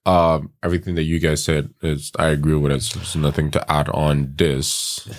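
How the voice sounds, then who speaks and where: A man with a very deep voice chats casually on a podcast. He keeps it relaxed and jokey and acts out other people's lines as he tells a story. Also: moderate pace. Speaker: podcast co-host. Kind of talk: casual chat.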